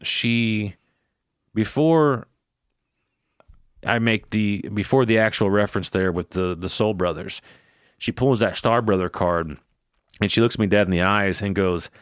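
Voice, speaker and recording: A man's voice: fairly low pitch, measured pace, long pauses, smooth, no room sound, studio quality. A man co-hosting a podcast, telling a personal story in casual chat, candid and swearing freely. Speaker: podcast co-host.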